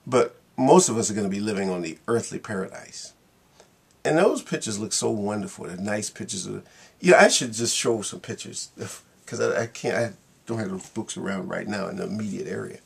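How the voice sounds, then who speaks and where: A man's voice: lowish voice, vocal fry, slightly rough. A man giving a casual, rambling monologue in his vlog, wry and laughing at himself. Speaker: vlogger.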